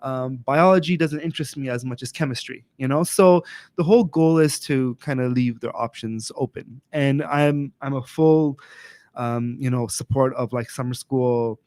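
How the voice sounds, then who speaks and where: A man's voice: mid-range voice, moderate pace, darkish tone, dry recording. Chatty male teacher, dry sound. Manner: chatty, many "you know" fillers. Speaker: teacher and podcast guest. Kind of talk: casual conversational explaining.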